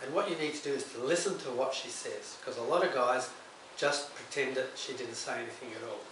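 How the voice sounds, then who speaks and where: A man's voice: medium pitch, fairly quick, fairly bright tone, far from the mic. A middle-aged male counsellor gives relationship advice straight to camera in a plain, conversational way, now and then acting out short exchanges. His voice sits in the middle range and carries a strong room echo. The mic is set back from him, and a faint hiss runs underneath. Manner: plain, conversational, acts out short example dialogues. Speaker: counsellor and psychotherapist. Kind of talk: direct-to-camera advice talk.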